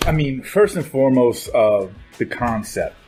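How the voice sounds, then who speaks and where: An easygoing man co-hosts a movie podcast, speaking in a mid-range voice with relaxed slang. Faint music plays in the background. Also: medium pitch, measured pace. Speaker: podcast co-host. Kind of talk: casual chat.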